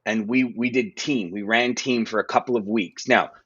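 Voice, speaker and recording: A man talks shop as a podcast guest, spinning animated stories and restarting sentences as his thoughts race ahead. His sits in a dry, close sound, and the recording is a touch muffled. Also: fairly low pitch, moderate pace, husky, no room sound. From Canada. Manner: animated storyteller, frequent restarts. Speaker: guest, freight broker. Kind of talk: casual podcast conversation.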